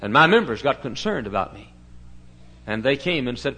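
With a medium-pitched, breathy-edged voice that swings widely in pitch, this male pastor preaches a fiery revival sermon at a moderate pace with long pauses. He goes from quiet, hushed stories to thunderous preaching, stretching out scripture verses to stress them.

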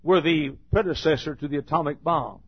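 A man preaching a sermon, telling a homespun story in a rambling folksy way and then rising to loud, shouted preaching. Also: a little high, a little fast, slightly rough. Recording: dull lo-fi sermon recording.

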